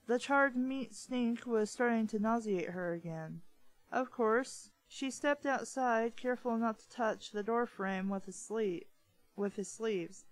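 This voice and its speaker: A woman's voice: on the high side, unhurried, no room sound, poor audio. Woman reading a novel with sarcastic asides. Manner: plain reading, mocking side comments. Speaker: book reviewer reading aloud.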